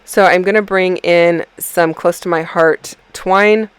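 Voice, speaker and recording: A woman's voice: lowish voice, fairly even intonation, takes it slowly, clean tone, dry recording. A woman casually narrating her scrapbooking process in a chatty, rambling way, with lots of ums and self-corrections. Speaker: scrapbooking video creator.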